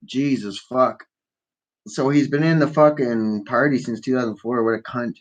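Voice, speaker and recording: A man's voice: medium pitch, fairly even intonation, normal speed. A man hosting a live call-in show from Canada, stoned and ranting about politics in a profane, rambling, mocking way. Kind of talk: casual stoned political rant.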